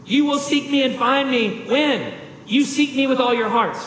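A man's voice: very high-pitched, normal speed, fairly bright tone, reverberant, in a large hall, slight background noise, rough recording. A man preaching a sermon as a pastor, earnest and emphatic, with rhetorical questions.

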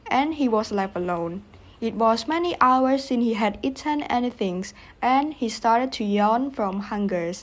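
A woman reads a children's storybook aloud in a gentle manner, speaking straight to her young listeners. Her voice sits a little high. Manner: gentle, addresses listeners directly.

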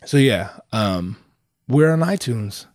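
A young man hosts his podcast solo, moving slowly through a rambling, crude, self-mocking monologue while sick and slightly nasal. His medium-pitched, darkish voice has lively intonation, and the headset recording is studio quality with no echo.

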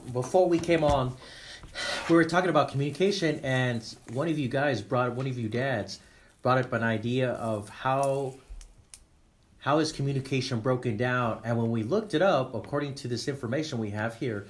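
A man hosting a group talk for dads, animated and acting out examples with shifting tone. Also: mid-range voice. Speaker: discussion host for fathers. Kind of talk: group discussion.

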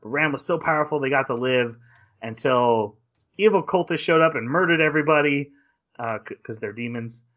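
Bright-voiced man recapping an episode. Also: mid-range voice, highs cut off. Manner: rambling recap with quick quoted asides. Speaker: podcast co-host.

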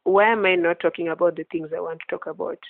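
A woman's voice: on the low side, fairly even intonation, quick pace, gravelly, no echo. A woman hosting a faith podcast, talking earnestly in casual chat and laughing often. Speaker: podcast host. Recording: tinny phone-like line, dry.

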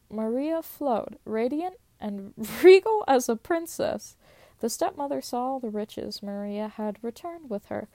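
A woman's voice: a little high, warm tone, no room sound. Young woman reading old stories casually. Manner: stumbles and laughs at own slips, swears in asides. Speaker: storyteller.

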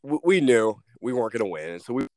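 A man's voice: mid-range voice, sing-song, brisk, dark tone, dry recording. A young man, a former hockey player, telling rambling stories as a podcast guest. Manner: rambling, restarts, lots of "like" and swearing. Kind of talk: casual storytelling.

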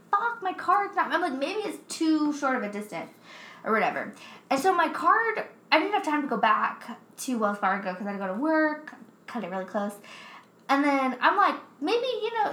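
Animated young woman, bright and roomy. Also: fairly high pitch. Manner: animated, swears often, laughs while telling. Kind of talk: casual storytelling chat. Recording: roomy echo.

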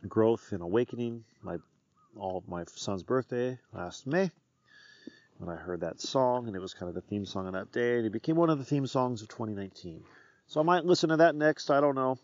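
A man's voice: medium pitch, a little mellow, no room sound. Middle-aged male host rambling outdoors, dry and slightly dull audio. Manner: rambling, candid, jokey. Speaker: podcast host, former teacher. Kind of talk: rambling casual monologue. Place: outdoors on a hillside.

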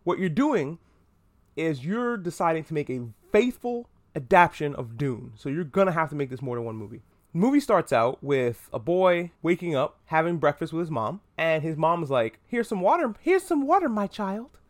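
A man hosting a comedic pop-culture podcast, talking in an animated, profane and self-mocking way. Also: a little high, moderate pace. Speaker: podcast host.

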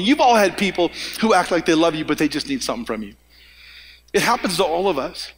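Male pastor, high voice, energetic joking sermon, long hall reverb. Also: quick pace, slight background noise. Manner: energetic, joking, repeats words and restarts. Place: church hall.

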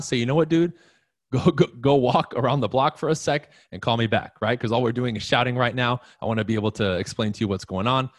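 A man's voice: mid-range voice, no echo, studio quality. Emphatic man giving a motivational talk. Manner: emphatic, repeats key phrases; asks the audience questions. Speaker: motivational speaker.

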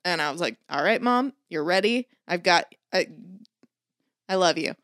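A woman's voice: lowish voice, animated, moderate pace, fairly bright tone, no room sound, clean studio sound. A woman casually telling a long story in a podcast chat, swearing freely and mimicking the people she quotes. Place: Los Angeles area.

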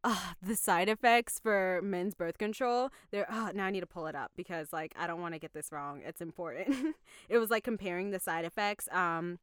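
A woman's voice: lowish voice, normal speed, clear, resonant tone, no room sound, studio quality. A young woman co-hosting a podcast, telling a story in casual chat, laughing often and filling her talk with "like". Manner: chatty, laughing storyteller, lots of "like". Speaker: podcast co-host.

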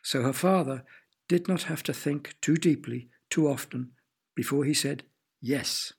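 A man reading a children's story aloud with gentle, playful storytelling. His voice is gravelly and husky, sitting a little high for a man, and he stops now and then to ask the listener questions. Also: normal speed. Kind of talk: storybook narration.

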